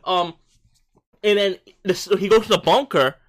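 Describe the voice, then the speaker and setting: A man co-hosting a podcast, talking over a film in a casual, rambling way, full of "like" and restarts, and often getting excited. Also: sits high, unhurried. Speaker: podcast co-host. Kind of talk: casual movie-review chat.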